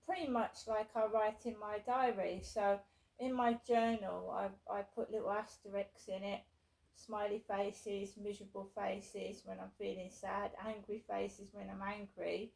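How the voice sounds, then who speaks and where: A woman's voice: medium pitch, steady tone, unhurried, gravelly, a little mellow, rough recording. A woman vlogger from England talking casually to the camera in a rambling way, with many fillers and restarts.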